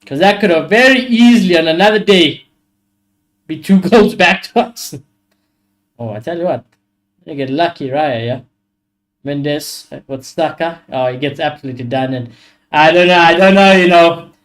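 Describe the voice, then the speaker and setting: A young man hosting a live football watchalong, reacting excitably to the play and swearing freely. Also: on the high side, normal speed, pauses often. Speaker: watchalong host.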